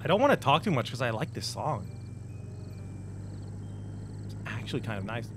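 A man's voice: mid-range voice, sing-song, moderate pace, a little hiss or hum. A young man casually commenting on his gameplay, joking and rambling with plenty of fillers. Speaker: gaming video host.

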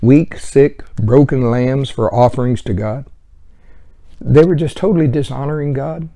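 Mellow-voiced man teaching the Bible. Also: mid-range voice, a little slow. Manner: conversational, chuckling asides.

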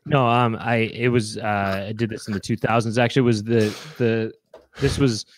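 A man's voice: on the low side, steady tone, normal speed, a little hiss or hum. A man, a comedian hosting a show, chatting casually in a rambling, jokey way. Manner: rambling, lots of fillers and restarts, jokey. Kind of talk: casual chat.

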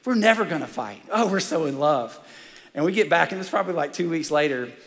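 A man preaching in a large church, his raised voice carrying a long hall reverb. He talks with fired-up, excitable energy and sits a touch high for a man. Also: fairly quick. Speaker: pastor. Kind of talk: sermon.

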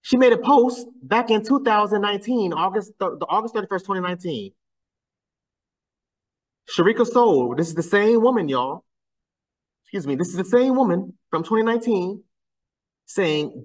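A man's voice: sits high, lively intonation, brisk, distant mic, rough recording. A man hosting a casual reaction commentary, talking bluntly and getting exasperated, his voice climbing when he is incredulous. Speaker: commentary channel host.

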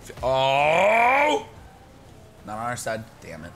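A young man giving excited live gameplay commentary, shouting and laughing as he plays and chats to viewers. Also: mid-range voice, slow pace, background noise. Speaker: gaming YouTuber.

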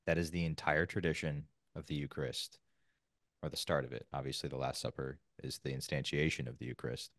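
A man on a podcast, explaining his point in an articulate, measured way. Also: very deep voice, a bit bright, no room sound, clean studio sound. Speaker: podcast guest. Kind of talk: casual podcast discussion.

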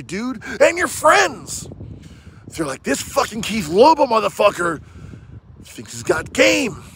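Brash man yelling a profane roast. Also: sits high, creaky, slight background noise. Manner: brash, profane, yelling, says bro constantly. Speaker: comedian doing a paid roast video. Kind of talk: shouted comedy roast.

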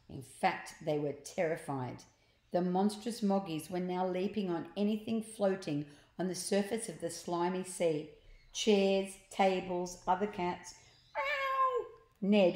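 A woman reading a children's storybook aloud at a slow, careful pace. Her voice sits a little low, and she stops to explain words and pictures to young listeners. The room gives it a noticeable echo. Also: mellow. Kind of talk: children's book read-aloud. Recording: echoey room.

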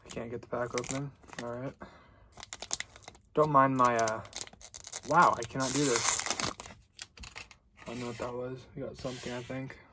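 A young man hosting a casual card-opening video, chatting loosely and getting excited at good pulls. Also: mid-range voice, moderate pace, pauses often, background noise. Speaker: card-opening channel host.

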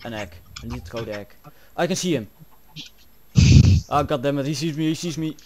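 A man's voice: mid-range voice, expressive, fairly quick, a little hiss or hum. A man giving frantic let's-play commentary, panicking and swearing often. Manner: panicky, swearing, frequent exclamations. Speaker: gameplay commentator.

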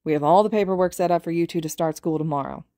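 Woman reading a gruff, burly male teacher, blunt and low. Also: fast talker, dark tone, no room sound, clean studio sound, natural voice. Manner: blunt, matter-of-fact.

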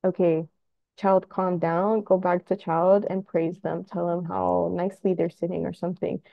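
Speaking to parents in a presentation, a woman therapist walks them through child behavior in a relaxed, conversational style, occasionally acting out small scenes with kids. Her low voice has a gravelly fry and she talks at normal speed. The recording is dry, a bit dull, with no echo.

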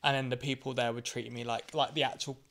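A man's voice: medium pitch, quick pace. A man from the UK, a podcast co-host and drag performer, telling stories with lots of "like". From United Kingdom. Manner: animated storytelling, lots of "like". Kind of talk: casual podcast chat.

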